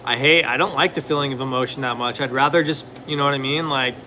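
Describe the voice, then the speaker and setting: Bright, rambling young man chatting. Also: mid-range voice, fairly even intonation, quick pace, a little hiss or hum. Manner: rambling, filler-heavy, laid-back; answers questions from viewers. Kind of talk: casual chat.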